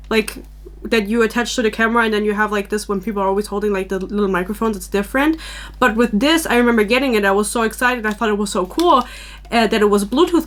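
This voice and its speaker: A young woman from Germany hosting a podcast, chatting casually in a rambling, self-deprecating way, recorded on a camera-mounted microphone. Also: fairly high pitch. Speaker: podcast host. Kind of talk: casual chat.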